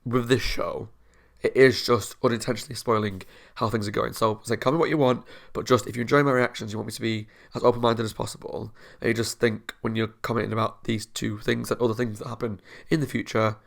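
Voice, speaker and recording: Gravelly young reaction host. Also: male voice, medium pitch, flat delivery, fairly quick. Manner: earnest, rambling, laughs often. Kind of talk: casual chat to viewers.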